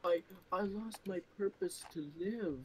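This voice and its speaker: An American man bantering playfully on a gaming stream, teasing and sometimes shouting. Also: sits high, unhurried, rough recording. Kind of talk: casual gaming chat.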